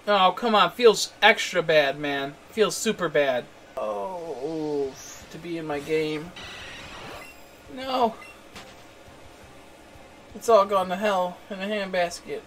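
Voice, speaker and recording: A young man giving let's-play commentary, excitable and swearing a lot, chatting to the creatures on screen and yelling at surprises. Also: fairly high pitch, slow pace, long pauses, a little hiss or hum. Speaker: game streamer.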